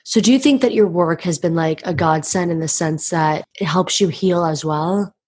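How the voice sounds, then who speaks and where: A woman hosting a casual interview, asking questions empathetically with animated reactions. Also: fairly low pitch, moderate pace, slight background noise. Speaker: interviewer host.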